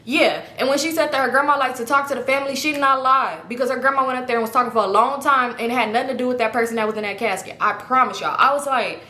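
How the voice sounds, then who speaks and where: A young woman, telling a funny story in a casual storytime, animated and profane, acting out the people she quotes. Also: high voice, very fast, hardly any pauses, roomy sound.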